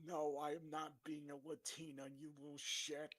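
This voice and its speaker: A man's voice: fairly high pitch, level tone, normal speed, fairly bright tone, pitched above the performer's own voice. A man putting on the voice of a goofy, crude male raptor, talking in a silly, mocking way.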